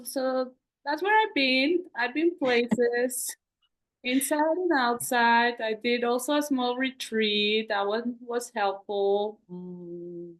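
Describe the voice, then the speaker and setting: A woman's voice: fairly high pitch, measured pace. A woman co-hosting a podcast, talking in a reflective, rambling way with many fillers. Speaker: podcast co-host. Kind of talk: casual conversational podcast chat.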